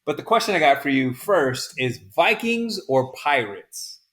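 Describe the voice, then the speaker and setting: A man's voice: a little high, big pitch swings, measured pace, fairly bright tone. A man co-hosting a podcast in casual chat, joking and swearing freely. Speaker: podcast co-host.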